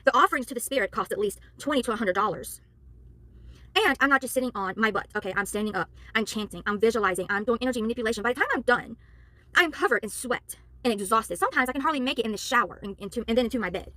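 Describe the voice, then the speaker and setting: A worn-out woman vents to camera at a breakneck clip, her voice sitting a little high. She sounds exasperated and keeps apologizing for yelling, speaking as a spiritual worker, and the sound is close and dry with no room around it. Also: animated, quick pace, no echo. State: tired, worn out. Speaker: spiritual worker and tarot reader. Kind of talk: heated rant to camera.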